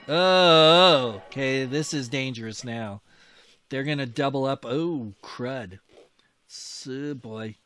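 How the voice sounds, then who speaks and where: A man narrating his strategy war game in a casual, thinking-aloud way, with excitable exclamations and old-fashioned mild oaths. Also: medium pitch, measured pace. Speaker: gaming host.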